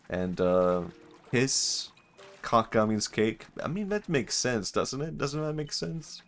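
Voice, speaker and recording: A man's voice: lowish voice, slight background noise. A man, streaming and chatting casually with a chatty, self-amused manner. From Sweden. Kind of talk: casual gaming stream chat.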